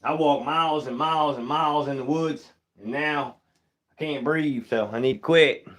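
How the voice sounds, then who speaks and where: A man's voice: a little high, normal speed, a bit bright. A young man, a taxidermist, chatting casually on a live stream, greeting viewers by name and joking as he works. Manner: laid-back, greets viewers by name, Southern-style casual grammar.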